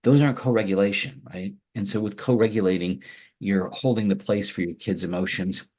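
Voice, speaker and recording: A man giving a training lecture to caregivers in a soft, warm way, often checking in with "right?" and repeating "again". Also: fairly low pitch, fairly even intonation, a little fast.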